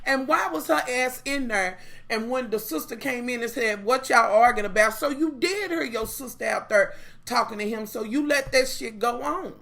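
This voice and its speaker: Profane, opinionated woman with a bright voice. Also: a little high, moderate pace, gravelly. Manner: profane, blunt, talks straight to viewers; animated, opinionated. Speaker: TV show reviewer. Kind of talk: casual chatty review.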